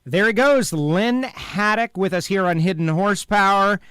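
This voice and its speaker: A man hosts a podcast in a somewhat high voice, heard dry and close. He sounds upbeat and enthusiastic and likes to rib his co-host. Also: moderate pace, fairly bright tone, smooth, no room sound. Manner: upbeat, enthusiastic, playfully teasing. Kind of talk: podcast interview.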